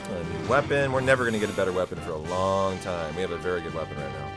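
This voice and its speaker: A man with a low voice talks fast, chatting casually with his viewers as he speedruns a game live. He rambles and laughs a lot, and game music plays behind him.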